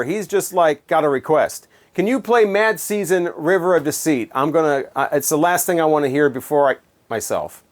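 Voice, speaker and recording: A middle-aged man, a former radio DJ, telling rambling stories in a casual monologue full of fillers and restarts. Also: fairly high pitch. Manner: rambling, many fillers and restarts, quick laughs. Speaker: former radio DJ and video host.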